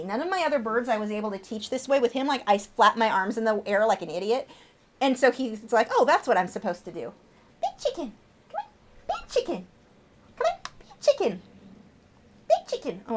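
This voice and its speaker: A woman in her thirties, an artist chatting casually on her livestream, answering viewer questions and cooing at her pet bird. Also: fairly high pitch.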